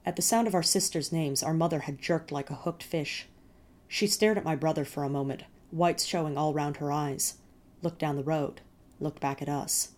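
A woman reading first-person fiction in a measured, steady storytelling manner. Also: sits low. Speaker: narrator.

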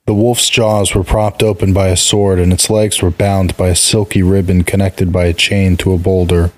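A man reads a fantasy story aloud in a steady, unhurried voice. His voice sits low, and the recording is close and dry with no room sound. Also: dry recording. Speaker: narrator. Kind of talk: scripted fantasy narration.

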